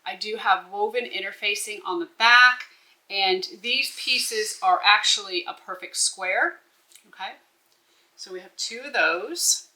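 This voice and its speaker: A woman's voice: mid-range voice, sharp tone, low-quality recording. A woman walking through a bag-making pattern step by step, instructive and checking in with the viewer as she goes. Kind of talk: step-by-step sewing tutorial.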